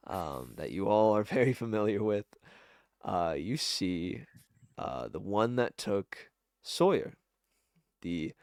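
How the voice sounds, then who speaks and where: A man's voice: fairly low pitch, creaky, smooth, no echo, clean studio sound. A man narrating a tabletop game as game master, rambling and correcting himself with many fillers.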